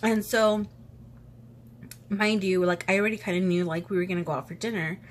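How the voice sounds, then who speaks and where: A young woman tells a story-time vlog in a loose, chatty way, acting out what everyone said. Her nose is stuffy from allergies and she keeps breaking off to sniffle. Her pitch sits right in the middle, and a faint hiss of room ambience runs underneath. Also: a little fast. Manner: chatty, animated retelling with quoted voices. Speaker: vlogger. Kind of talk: casual story time chat.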